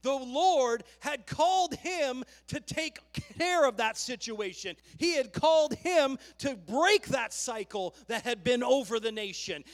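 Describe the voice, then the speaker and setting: A male pastor preaching a sermon in an emphatic way, swinging between loud declarations and hushed words, in a church sanctuary. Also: very high voice. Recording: long hall reverb.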